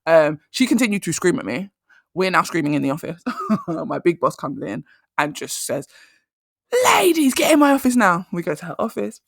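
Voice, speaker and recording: A woman, a podcast host and coach telling a story in a blunt, animated way with frequent laughs. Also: low voice, normal speed, gravelly, no room sound, studio quality. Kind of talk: casual storytelling monologue.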